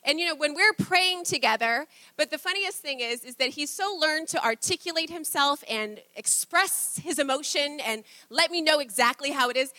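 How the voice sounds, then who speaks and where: A woman pastor, probably in her thirties, preaching a conversational sermon, chatty and quick to laugh, acting out little quoted exchanges. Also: sits high, expressive, bright, forceful tone, no room sound.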